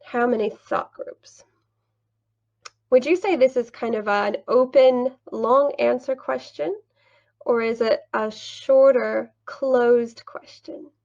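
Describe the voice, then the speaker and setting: A woman teaching English online, walking through screen sharing and acting out a mock class, patient and unhurried, laughing lightly now and then. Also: on the high side, steady tone, darkish tone, dull audio.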